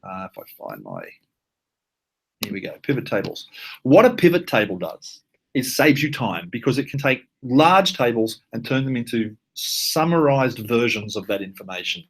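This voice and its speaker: Aussie guy walking people through software in a webinar, easygoing, lots of ums and side comments. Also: mid-range voice, sing-song, normal speed, gravelly, slightly rough. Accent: Australian. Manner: casual, chatty, lots of fillers and asides. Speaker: workshop presenter. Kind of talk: live online software tutorial. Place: at his computer, live webinar.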